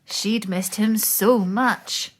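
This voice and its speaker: Reading from a children's picture book, this woman speaks in a mid-range voice, taking her time and giving the story plenty of expression.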